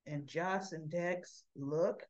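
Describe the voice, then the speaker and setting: A woman casually retelling a soap opera episode in a chatty way, jumping up in pitch to act out the characters' lines. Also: slow pace, a little mellow, highs cut off. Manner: chatty, acts out quotes with rising pitch. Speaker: soap opera recap vlogger.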